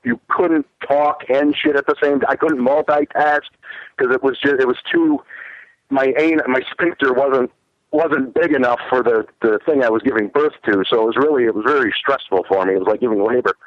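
Over a muffled phone connection with no room sound, a man around forty rambles to a talk show, cynical and self-deprecating, slightly out of breath in crude, easygoing chat. He speaks a little fast in a medium pitch.

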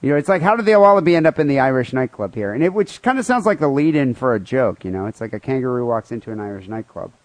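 A man's voice: medium pitch, animated, fast, hardly any pauses, dry recording. A man co-hosting a comedy podcast, telling a news story in crude, profane banter with mock outrage. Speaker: podcast co-host.

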